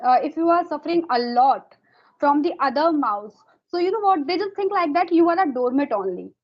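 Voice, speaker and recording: A woman's voice: sits high, animated, a little fast, dull audio. A woman in a casual English practice conversation, asking questions hesitantly with many fillers and restarts.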